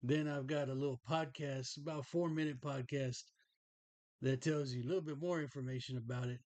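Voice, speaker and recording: A man's voice: medium pitch, steady tone, a little fast, darkish tone, dry recording. A middle-aged man, hosting a podcast and telling a rambling, folksy story about a collectible. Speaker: podcast host. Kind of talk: casual show-and-tell chat.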